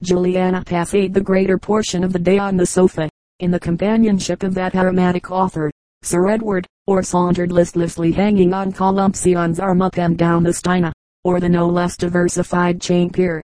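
A woman reading a Victorian novel aloud as an audiobook narrator, in a measured, even manner. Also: on the low side, dry recording, rough recording. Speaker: audiobook reader.

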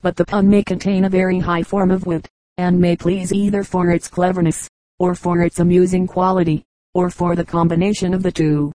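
Woman, audiobook narrator, level delivery, mellow tone, dry close sound. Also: lowish voice, dry recording, rough recording. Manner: even, measured reading. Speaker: audiobook reader. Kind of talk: scripted narration.

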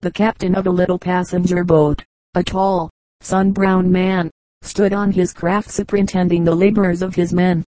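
A woman reads a story aloud in a steady, even narration. Her voice sits low and mellow, with little change in pitch. The sound is close and dry. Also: moderate pace, no room sound, rough recording. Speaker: audiobook reader. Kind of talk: scripted narration.

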